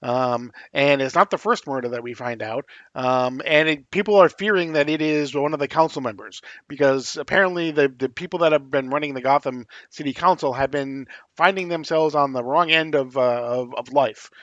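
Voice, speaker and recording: A man's voice: medium pitch, a bit bright, dry recording. Hesitant man on a dull, dry mic. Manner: halting, many fillers and restarts. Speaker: podcast co-host. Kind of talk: casual comics discussion.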